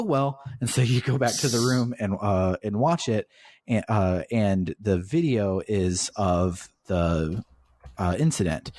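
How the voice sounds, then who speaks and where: Low-voiced man casually recapping a game. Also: a little mellow. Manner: swears casually while recounting the plot. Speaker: podcast host. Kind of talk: casual podcast chat retelling a video game story.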